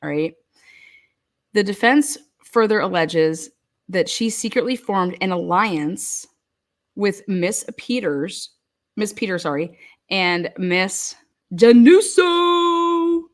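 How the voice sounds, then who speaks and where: The online commentator's voice is lowish and slow here. She tells stories casually, curses freely, laughs often, and leans heavily on "like."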